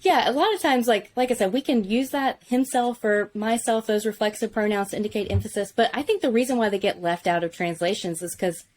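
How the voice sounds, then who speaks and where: A woman teaching Biblical Hebrew in a relaxed conversational way, enthusiastic and explanatory, often saying "like". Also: medium pitch, fairly quick, hardly any pauses.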